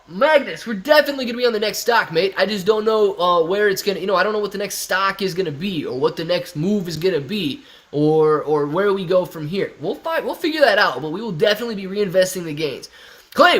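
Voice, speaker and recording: Young male streamer, slightly high voice, chatty and excitable, reads chat aloud. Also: a little fast. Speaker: stock market livestream host. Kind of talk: casual live-stream chat reading viewer comments.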